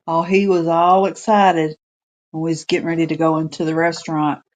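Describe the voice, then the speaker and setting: A woman's voice: fairly low pitch, a little mellow, highs cut off. A woman co-hosting a casual livestream chat, joking and laughing. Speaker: co-host.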